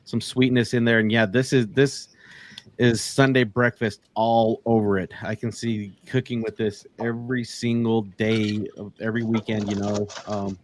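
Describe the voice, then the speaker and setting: A man's voice: on the low side, flat delivery, normal speed, no room sound. A man hosting a barbecue podcast, steering the talk in an easygoing way. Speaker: host.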